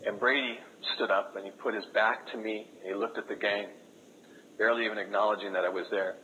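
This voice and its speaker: A man's voice: lowish voice, steady tone, pushed and bright, muffled recording, a little hiss or hum. Earnest man telling a story to an audience. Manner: earnest, halting with repeated restarts. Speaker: missionary speaker. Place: room with a live audience.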